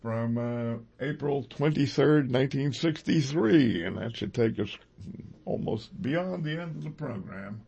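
Brief: male radio host, gravelly and husky, casual pledge pitch, muffled lo-fi sound. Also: unhurried. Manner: relaxed, joking, conversational. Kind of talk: on-air pledge appeal.

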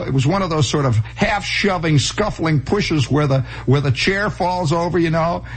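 A man telling a long comic story in an animated, breathless way, slipping into the voices of the people in it, from an old archival radio recording. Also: a little high, breathy edge, poor audio.

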